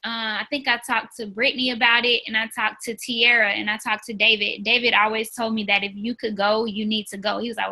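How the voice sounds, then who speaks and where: A woman's voice: on the high side, level tone, fairly quick, few pauses, pushed and bright, rough recording. A woman leading a team call, giving an earnest, chatty motivational talk with plenty of "um" and "like", calling listeners "y'all". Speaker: team leader on a business team call.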